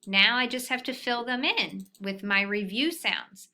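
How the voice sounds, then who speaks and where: A woman's voice: on the high side, measured pace, few pauses, pushed and bright. A woman teaching a phonics lesson to young children, patient and sounding out syllables.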